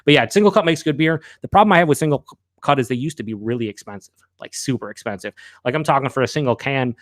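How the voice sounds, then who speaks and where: Speaking quickly at medium pitch, a man runs a live beer review, candid and casual, full of filler words and occasional swearing as he reads chat comments out. The studio sound is clean, with no room sound.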